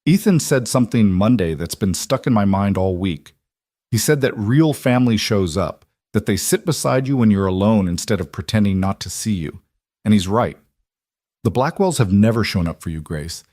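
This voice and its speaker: A man voicing a protective, firm middle-aged man who speaks in an earnest, measured way. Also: on the low side, lively intonation, darkish tone, no echo, studio quality.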